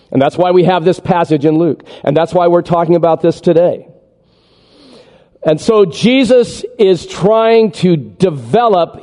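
A man preaching a sermon, animated as he walks the congregation through a chart. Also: on the high side. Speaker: pastor. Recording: echoey hall with long reverb.

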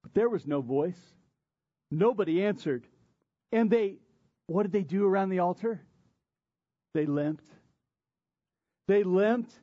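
Guy preaching a sermon, pretty high voice, lots of repeating and questions, dull dry sound. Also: normal speed, pauses often, dry recording. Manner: preaching with emphatic repetition and rhetorical questions. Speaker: pastor.

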